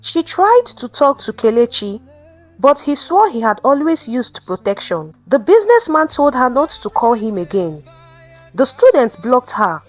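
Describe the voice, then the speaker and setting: A woman hosting her own channel, narrating a story in a calm, measured way. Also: on the high side, faint music behind.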